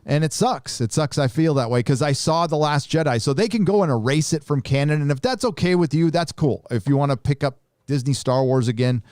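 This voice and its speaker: A man's voice: fairly high pitch, fairly quick, few pauses, a little mellow, dry recording, studio quality. A middle-aged man hosting a live stream, chatting casually and reading viewer messages, with a loose, rambling delivery full of restarts. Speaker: host reading super chats.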